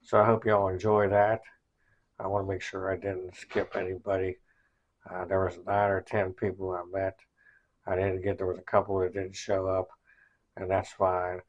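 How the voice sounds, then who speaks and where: A man's voice: low-pitched, completely flat delivery, moderate pace, muffled recording. A man hosting a podcast, casually recapping in a rambling way with many fillers. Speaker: podcast host.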